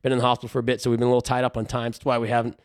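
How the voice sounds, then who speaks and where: A man's voice: medium pitch, monotone, very fast, no room sound, studio quality. A man, a race car driver and regular on the show, chatting casually with a cold that leaves him congested, telling rambling joking stories. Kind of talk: casual chat.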